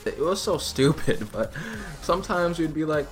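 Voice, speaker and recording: A teenage gaming host telling a school story over gameplay in a chatty, profane, laughing way. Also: male voice, on the high side, animated, measured pace. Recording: music playing behind the voice. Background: background music.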